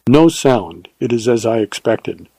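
A man voicing a steady, devoted Texas ranger who speaks slowly and earnestly. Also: mid-range voice, gravelly, breathy edge, dry recording, exaggerated voice, poor audio. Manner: slow, earnest and tender.

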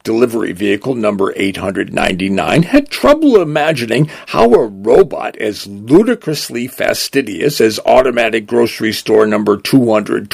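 A man narrating a story in a measured, expressive way. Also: medium pitch, gravelly, breathy edge, no room sound.

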